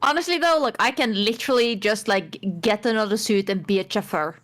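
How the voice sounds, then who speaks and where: A woman's voice: mid-range voice, a little fast, fairly bright tone. A woman playing in a tabletop game, chatting casually, hedging with many "like" fillers. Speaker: player.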